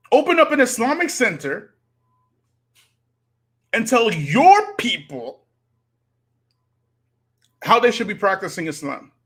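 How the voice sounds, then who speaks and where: A man's voice: high-pitched, pushed and bright, breathy edge. A man, hosting a live stream and preaching to his audience with rhetorical challenges. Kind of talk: impassioned live-stream commentary.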